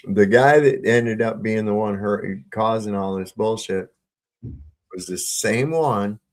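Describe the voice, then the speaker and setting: A man on a video-call livestream, telling stories with lots of swearing and laughter, getting loud when he retells arguments. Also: lowish voice, slow pace. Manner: profane, storytelling, laughs often, gets heated retelling run-ins. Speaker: panel co-host. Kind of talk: casual livestream chat.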